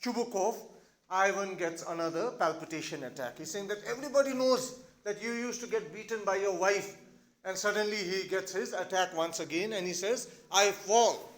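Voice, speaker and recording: Indian english male teacher, explains a play to students, fairly high voice. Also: a little fast, a bit bright. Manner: explanatory, with frequent "all right?" checks.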